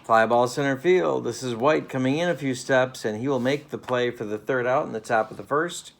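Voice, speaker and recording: A man's voice: medium pitch, moderate pace, gravelly. A man calling mock play-by-play for a tabletop baseball game at home, with dry, playful broadcaster patter. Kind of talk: mock radio play-by-play commentary. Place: home living room.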